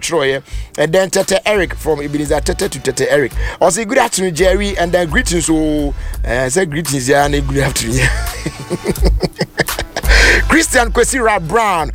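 A man with a Ghanaian accent hosting a live radio show, reading out listener messages in a chatty, animated way and often half-singing his words. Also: sits high. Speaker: radio host.

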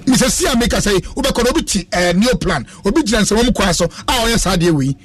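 A man's voice: high-pitched, expressive, brisk, slightly rough, soft background music. A man hosting a casual radio chat, joking and preaching in turn and switching languages as he talks.

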